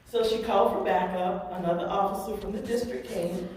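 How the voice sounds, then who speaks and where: A woman's voice: medium pitch, fairly even intonation, fairly quick, darkish tone, slight background noise. A woman presenting to a public oversight board, telling a story and acting out the quoted voices. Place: large meeting room. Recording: echoey room from far off. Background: strong echo.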